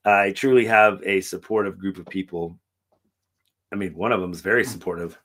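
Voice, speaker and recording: A middle-aged man on a podcast, talking casually and emotionally, swearing often and acting out quotes loudly. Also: low-pitched, steady tone, moderate pace. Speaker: podcast co-host.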